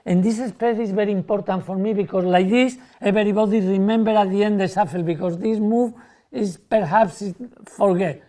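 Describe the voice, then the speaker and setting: A man, a magician, explaining a card trick in lively, broken English and acting out how spectators react. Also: sits high, normal speed.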